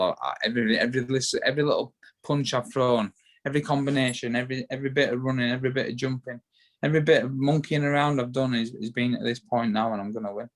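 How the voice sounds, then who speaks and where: A fast, medium-pitched male voice with a Yorkshire accent belongs to a bare-knuckle boxer guesting in a casual interview. He rambles, frequently repeating words and restarting his sentences.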